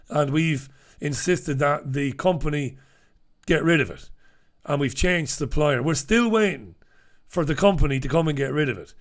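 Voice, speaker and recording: Blunt, swearing middle-aged newspaper host. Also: male voice, fairly high pitch, unhurried. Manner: blunt, swears freely, chatty asides. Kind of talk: casual opinionated commentary.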